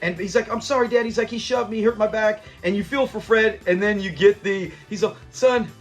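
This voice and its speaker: A show review channel host with a high voice talks casually through a sitcom episode he loves, quoting characters and bursting into laughter. He's animated and playfully mimics them, speaking a little fast over soft background music.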